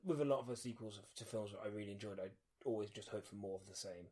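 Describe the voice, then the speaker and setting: A man's voice: fairly low pitch, fast, dark tone. A man co-hosting a podcast in casual chat, who laughs often and trails off with ums. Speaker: podcast co-host.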